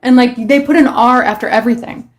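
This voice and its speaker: Animated, profane woman telling stories. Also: fairly high pitch, fast talker, poor audio. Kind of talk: casual heated chat.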